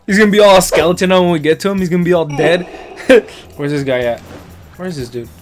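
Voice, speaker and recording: A man streaming a video game and commenting loudly, excitable, joking and crude. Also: high voice, fast talker. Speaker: gaming streamer. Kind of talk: let's-play commentary. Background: game music.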